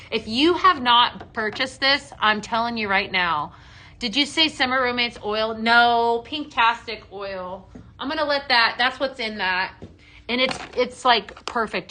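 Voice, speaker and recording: A woman's voice: fairly high pitch, pushed and bright. A woman hosting a live shopping show, gushing over products with many ums and reading out viewer comments. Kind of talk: live product demo chat.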